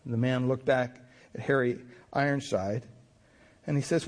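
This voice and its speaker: A man's voice: medium pitch, lively intonation, moderate pace, a little mellow. A man pastor preaching a sermon in a folksy, storytelling way, acting out the people in his anecdotes. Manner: folksy storytelling with many restarts and voiced quotes.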